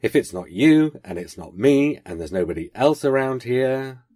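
A man reading aloud, putting on an eccentric, posh male stranger who rattles off rapid, clipped questions and answers them himself. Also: mid-range voice, lively intonation, warm tone, pitched above the performer's own voice, natural voice. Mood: sharp.

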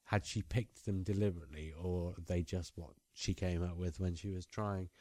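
A man's voice: sits low, steady tone, moderate pace, a little mellow, no echo, studio quality. A man hosting a podcast, chatting casually and reading out listener questions. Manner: chatty, reads out listener emails.

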